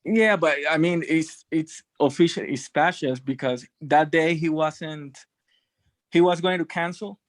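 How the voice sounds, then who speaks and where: A man joins a casual group video call, speaking in a higher voice. He explains himself hesitantly and repeats words as he goes. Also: measured pace, no room sound. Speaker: group member, first-time session host.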